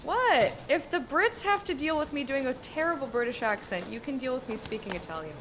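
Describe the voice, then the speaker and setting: A woman's voice: high voice, animated, quick pace, a bit bright. A young woman casually commenting on her gameplay, chatty, swearing and humming along. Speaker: gamer streamer. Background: game music.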